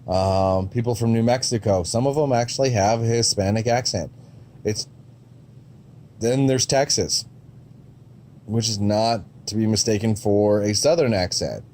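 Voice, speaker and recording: A man's voice: lowish voice, unhurried, darkish tone, a little hiss or hum. A man giving a casual, rambling review of movie trailers, with frequent ums and restarts and a blunt, sometimes profane way of talking.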